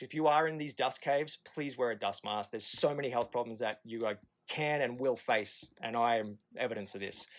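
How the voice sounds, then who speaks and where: Man, thirties, Australian accent, candid and profane, casual storytelling, middle pitch. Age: 30s. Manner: candid and profane, acting out the nurses in quoted asides. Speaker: podcast guest.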